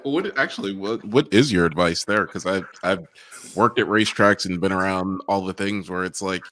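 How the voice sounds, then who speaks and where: A man's voice: low voice, moderate pace, a bit bright. A man hosting a casual interview podcast, laughing along and restarting his questions as he asks them. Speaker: podcast host.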